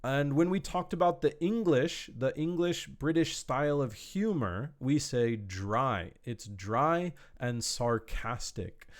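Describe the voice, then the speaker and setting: A man's voice: medium pitch, animated, takes it slowly, few pauses. A man teaching an online English lesson to a camera in a room, explaining words patiently with simple examples. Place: indoor room, warm. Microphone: speaking to a camera.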